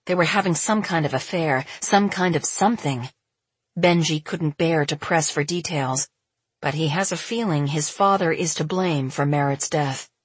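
Husky woman narrating an audiobook. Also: low-pitched, normal speed, no room sound. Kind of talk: scripted narration.

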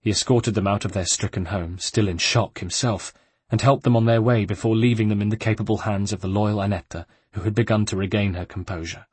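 A man reading a novel aloud as an audiobook narrator, in a steady measured way. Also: fairly low pitch, husky, dry recording.

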